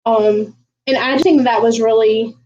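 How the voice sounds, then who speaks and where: Chatty high-voiced woman, slightly distant mic. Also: steady tone, unhurried, mellow, dull audio. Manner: chatty, folksy, many ums, talks to viewers. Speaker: cooking livestream host. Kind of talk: casual livestream chat while cooking. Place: home kitchen.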